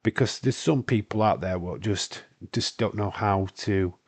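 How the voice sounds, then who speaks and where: This young British streamer from Scotland speaks at a measured pace in a lowish, husky voice made congested by hay fever. Hosting a casual watch-along chat, he rambles, swears and laughs often.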